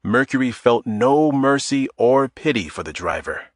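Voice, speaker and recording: A man narrating a thriller audiobook in a measured, dramatic storytelling manner. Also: medium pitch, animated, no room sound. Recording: dry close studio sound.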